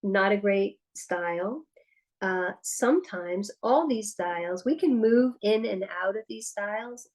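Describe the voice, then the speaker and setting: A woman's voice: mid-range voice, a little mellow, poor audio. A woman presenting a parenting workshop, talking candidly and personally with frequent restarts. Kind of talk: conversational presentation.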